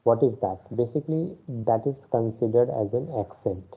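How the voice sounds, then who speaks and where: Male teacher, patient step-by-step explainer, husky, tinny video-call line. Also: mid-range voice, lively intonation, normal speed. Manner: explains step by step, often says okay. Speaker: Spanish teacher. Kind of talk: online class lecture. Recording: phone-like online class audio.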